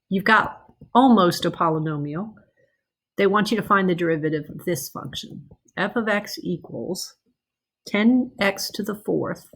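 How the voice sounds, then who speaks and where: A woman teaching math in a recorded lecture, working through problems in a conversational way, checking in with "okay?" and correcting herself as she goes. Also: mid-range voice.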